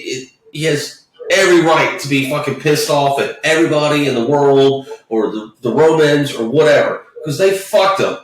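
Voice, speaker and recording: A man co-hosting a podcast, talking casually about a movie in a rambling, profane way full of restarts. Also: a little high. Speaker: podcast co-host. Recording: echoey room, distant mic.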